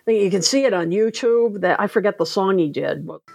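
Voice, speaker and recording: Gravelly-voiced woman co-hosting music chat. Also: mid-range voice. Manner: enthusiastic, quick to react. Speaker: podcast co-host. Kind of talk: casual chat about music charts.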